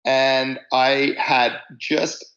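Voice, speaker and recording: A gravelly-voiced man in his forties tells a tour story in a loose, rambling way. He restarts sentences and stretches words for emphasis. The audio sounds a little dull and lo-fi. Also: mid-range voice, flat delivery, very slow, fairly bright tone. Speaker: podcast guest, musician. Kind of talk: casual chat, storytelling.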